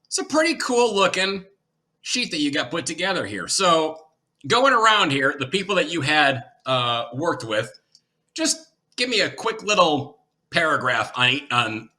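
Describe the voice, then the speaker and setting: A man's voice: fairly high pitch, very animated, measured pace, sharp tone. A man hosting a podcast, easygoing and encouraging with his guest. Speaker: podcast host. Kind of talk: casual interview.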